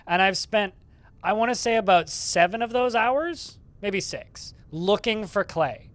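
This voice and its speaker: A man's voice: high-pitched, animated, measured pace, dry recording. A young man streaming a game live, chatting casually and sarcastically with his viewers and swearing freely.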